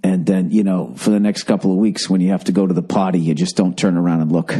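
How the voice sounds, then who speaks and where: A man's voice: low voice, fairly even intonation, quick pace, few pauses, dark tone, slightly rough. A middle-aged man hosting a solo podcast, rambling in a profane, exasperated comic rant, overfull and thirsty. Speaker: podcast host.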